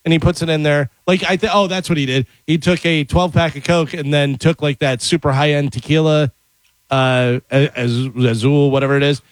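A man with a slightly high voice chats on a morning radio show, spinning stories with animated energy and jumping up into voices for the people he quotes. The sound is close and dry, with no room around it. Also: normal speed, no echo, rough recording. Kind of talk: casual radio banter.

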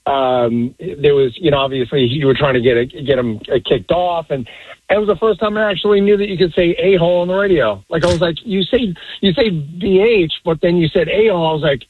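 A man's voice: on the high side, brisk, breathy edge, no echo. A man calling in over a tinny phone line. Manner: hesitant, rambling. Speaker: caller. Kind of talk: call-in chat.

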